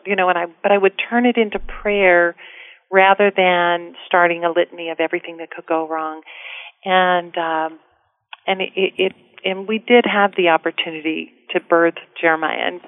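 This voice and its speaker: A woman's voice: fairly low pitch, steady tone, normal speed, no room sound. A middle-aged woman, a guest author, speaking earnestly and from the heart in a casual interview. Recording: tinny phone line.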